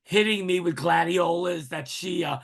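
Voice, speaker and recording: Gravelly animated man telling a story. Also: high-pitched, normal speed. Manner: animated storyteller, acts out quoted voices. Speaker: interview guest. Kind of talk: casual storytelling.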